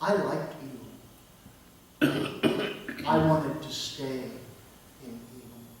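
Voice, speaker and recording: Slow dramatic preacher man, echoey. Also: medium pitch, a little hiss or hum. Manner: slow, dramatic storytelling with hushed drops. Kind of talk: first-person dramatic sermon as Moses. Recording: roomy echo from far off.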